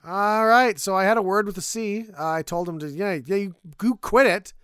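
A man's voice: high voice, moderate pace, fairly bright tone, clean tone, no room sound, studio quality. A man improvising comedy sketches, playing earnest, eager-to-please characters.

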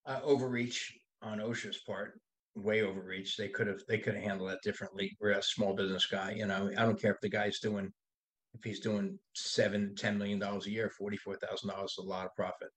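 A man's voice: on the low side, level tone, fairly quick, fairly bright tone. A man in his sixties, a body shop owner, talking bluntly and with profanity as a podcast guest. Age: 60s. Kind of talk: casual podcast conversation.

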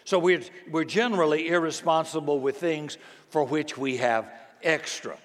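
An older man, a grandfather, preaching a sermon in a folksy, storytelling way, slow and deliberate. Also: fairly high pitch. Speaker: pastor. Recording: long hall reverb.

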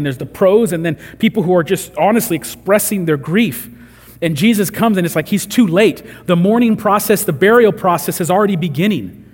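Pastor guy giving a sermon, kinda husky, bit high voice, lots of reverb. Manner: conversational preaching, acts out quoted voices.

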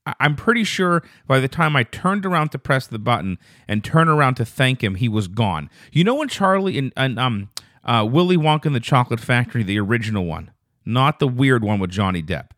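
A man hosting a casual solo podcast, telling a rambling, profane story that turns loud and quick when he gets indignant. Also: medium pitch, sing-song, no echo, clean studio sound. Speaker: podcast host.

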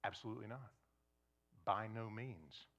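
Male pastor, sermon: bright, lively delivery, leans in quietly for emphasis. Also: lowish voice, moderate pace, highs cut off. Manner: conversational, animated, swings to soft intense emphasis. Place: church before a congregation.

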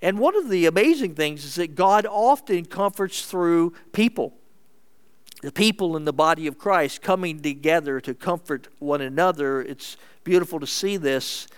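A man preaching a sermon as pastor, earnest and measured, moving between emphatic lines and hushed ones. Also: on the high side, animated, smooth.

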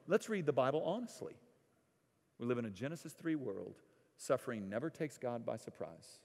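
A middle-aged man preaching a sermon, telling stories with lively swings from loud bursts to hushed, quiet prayer. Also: fairly low pitch. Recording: long hall reverb.

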